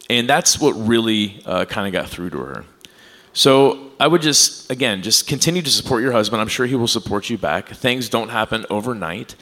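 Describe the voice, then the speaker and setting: A man's voice: lowish voice, expressive, normal speed, a bit bright. A man co-hosting a podcast at a live taping, telling a personal story in a candid, rambling way. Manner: candid, rambling with fillers and restarts. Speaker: podcast co-host.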